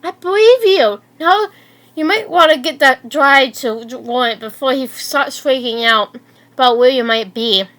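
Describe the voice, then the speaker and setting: A woman reading aloud and voicing an excitable teenage schoolgirl who is upset, in a high, emotional voice. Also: unhurried.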